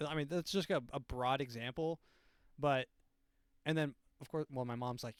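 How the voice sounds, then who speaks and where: A man's voice: medium pitch, moderate pace, clear, resonant tone, no room sound. A young man hosting a comedy podcast, telling a rambling, sardonic story full of restarts and filler words. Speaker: podcast host.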